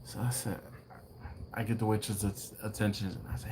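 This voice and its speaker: A man hosting a live barbecue stream, chatting casually with viewers and acting out people in a story in a high mimicking voice. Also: fairly even intonation, a little fast, darkish tone, slight background noise. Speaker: host of a live BBQ show.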